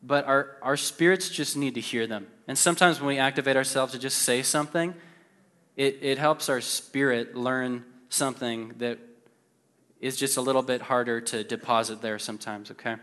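Man, preacher, casual sermon, mid-pitched voice, echoing church hall. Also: fairly even intonation, moderate pace, fairly bright tone. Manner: conversational, lots of fillers, playful then earnest. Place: church sanctuary. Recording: long hall reverb with faint music.

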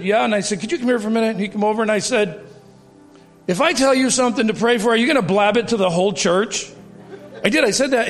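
A man in his fifties giving a church testimony to a congregation, telling his story with lively acted-out dialogue and chuckles at himself before moving into preaching. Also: very high voice. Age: 50s. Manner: animated storytelling, acting out quoted dialogue, laughing at himself. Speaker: guest speaker giving testimony. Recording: reverberant hall with faint music.

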